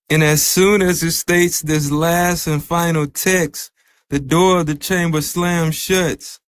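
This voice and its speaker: Smooth-voiced man recapping anime casually. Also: a little high, fairly even intonation, takes it slowly, no echo. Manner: loose, conversational storytelling with "like" fillers. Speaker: anime reviewer.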